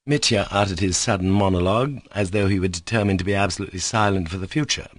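Lowish male audiobook narrator, dry sound. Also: fast talker, hardly any pauses, no room sound. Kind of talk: scripted narration.

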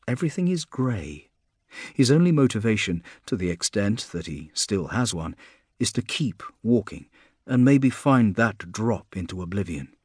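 A man narrating a story in a measured, somber way, with a husky voice. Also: fairly low pitch, darkish tone, dry recording, clean studio sound. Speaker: audiobook narrator. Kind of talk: scripted narration.

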